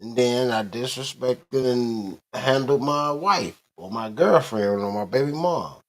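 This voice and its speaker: A man co-hosting a casual chat podcast, laid-back and reasoning things through slowly, with the odd laugh. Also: medium pitch, a bit bright. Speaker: podcast co-host.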